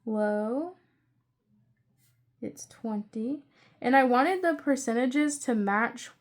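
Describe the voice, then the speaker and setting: Young woman, higher pitch, chatty budgeting vlogger who rambles into excited asides. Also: slow pace. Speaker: budgeting channel creator. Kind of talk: casual budget-with-me narration.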